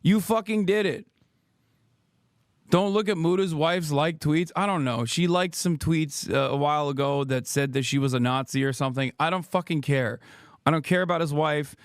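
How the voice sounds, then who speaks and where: Man ranting angrily, high voice, dry. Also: brisk, clean tone, no room sound. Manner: angry, profane, sarcastic, rhetorical questions. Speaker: streamer, political commentator. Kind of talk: ranting livestream commentary.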